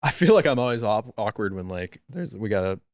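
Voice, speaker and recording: A man's voice: fairly low pitch, big pitch swings, a little fast. A man co-hosting a podcast in casual chat, telling stories and acting out what people said. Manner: storytelling with lots of acted-out quotes. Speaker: podcast co-host.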